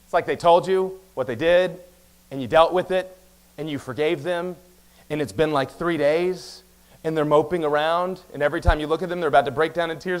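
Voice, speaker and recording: A man preaching a sermon as pastor, talking very fast and telling stories with quick asides. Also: a little high. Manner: animated storytelling with quick asides; talks very fast. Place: church sanctuary.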